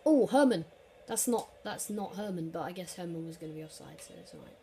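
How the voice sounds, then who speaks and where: Woman narrating her football game, swearing, muttering then yelling, faint hum behind. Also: lowish voice, fairly quick. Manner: excitable, swearing, erupts into shouts at big plays. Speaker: gaming commentator. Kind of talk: casual live game commentary.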